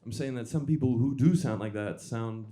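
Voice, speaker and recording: A young man doing a stand-up comedy set in a club, with a dry, halting delivery full of restarts and self-deprecating asides. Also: medium pitch, dark tone.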